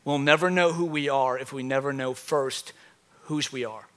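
A male pastor in his thirties preaching a sermon to a church congregation, telling stories with big swings from quiet to loud. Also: medium pitch, moderate pace. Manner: animated storytelling, swings from soft to loud. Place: church with live audience.

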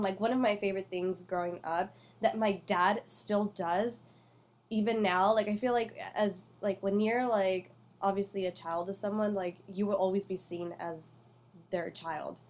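Woman, podcast host, casual chat, animated, lots of fillers, mid pitch. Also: measured pace. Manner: animated, chatty, many fillers.

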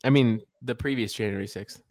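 A man's voice: medium pitch, brisk, a little mellow, no room sound. A young man co-hosting a podcast, casual and teasing, often breaking into laughter. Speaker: podcast co-host. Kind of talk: casual chat.

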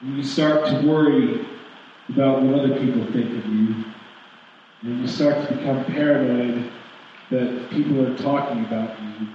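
A man's voice: medium pitch, slight background noise. Man preaching in an echoey hall. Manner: storytelling, halting restarts, laughs at own joke. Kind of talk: sermon. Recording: echoey hall, mic far off, dull.

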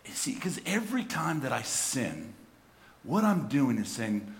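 This middle-aged pastor has a gravelly, medium-pitched voice, very animated but measured in pace. His sermon shifts from hushed musing to loud, passionate stress, with words often repeated as he restarts phrases.

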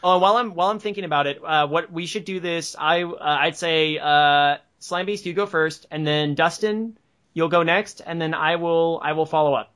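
A man's voice: fairly high pitch, moderate pace, a bit bright. A man hosting a casual podcast chat, laughing often and rambling through restarts. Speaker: podcast host.

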